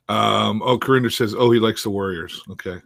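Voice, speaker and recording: Low-voiced man chatting casually on a stream. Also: gravelly, fairly bright tone, no room sound, clean studio sound. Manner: rambling, many fillers and restarts. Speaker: live-stream host and sports commentator. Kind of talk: casual chat.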